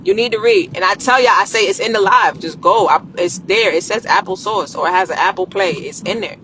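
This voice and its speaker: A woman's voice: medium pitch, brisk, slight background noise. Blunt slangy woman coaching on a live stream. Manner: blunt, animated, slangy, swears freely. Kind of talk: casual live-stream talk.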